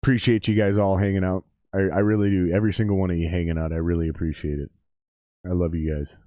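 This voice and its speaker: A man's voice: low-pitched, little pitch movement, fast, mellow, no echo, studio quality. A man in his forties giving casual, profane live-stream commentary on a football game and chatting with his viewers.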